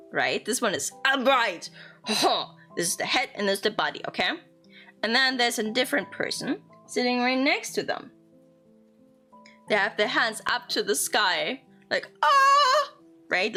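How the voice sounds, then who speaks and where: A woman's voice: a little high, bright, forceful tone. A young woman streamer chatting playfully and casually while teaching Japanese words, swearing now and then. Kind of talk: casual live-stream chat.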